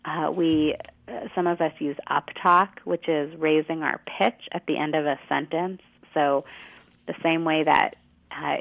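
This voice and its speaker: A woman guest expert explaining clearly in a teacherly way and giving examples, heard over a phone line. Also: low voice. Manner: articulate, teacherly, gives examples. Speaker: guest expert on women's communication. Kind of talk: explanatory interview answers.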